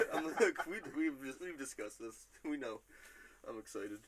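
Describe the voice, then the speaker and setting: A man's voice: a little high, big pitch swings, takes it slowly, very noisy. A man hosting a casual podcast quiz, reading quotes aloud and laughing often. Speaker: quiz host.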